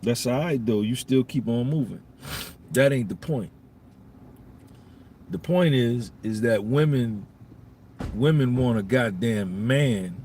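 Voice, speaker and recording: A man's voice: mid-range voice, lively intonation, slow, pauses often, mellow. A man in a mid-range voice delivers a live podcast monologue, blunt and profane, hammering each point by saying it again. Faint background noise hums under his voice. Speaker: podcast host.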